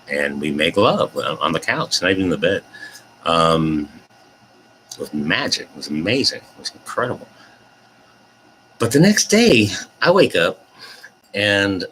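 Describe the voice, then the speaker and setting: A man in his fifties casually telling a self-deprecating personal story to his viewers, with animated retellings. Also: a bass voice, a little hiss or hum. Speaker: host.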